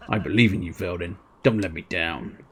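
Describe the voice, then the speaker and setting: A man voicing a hot-headed young male fighter companion in a video game, reading the lines low, quiet and quick. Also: a little hiss or hum. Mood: brooding.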